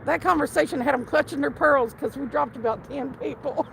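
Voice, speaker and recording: A woman's voice: sits high, a little fast, creaky, slight background noise, low-quality recording. A woman live streamer chatting casually and reading her chat aloud, laughing constantly.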